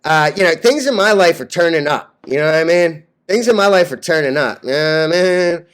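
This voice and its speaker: A brash young man hosting a casual stock-trading vlog, cocky and quick to laugh at his own jokes. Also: a little high, expressive. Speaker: stock vlogger.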